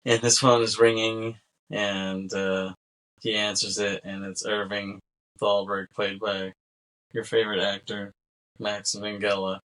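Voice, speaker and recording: Laid-back low-voiced man hosting a podcast. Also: level tone, measured pace, a bit bright. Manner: laid-back, laughs often, acts out quoted lines. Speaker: podcast host. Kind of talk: casual movie podcast chat.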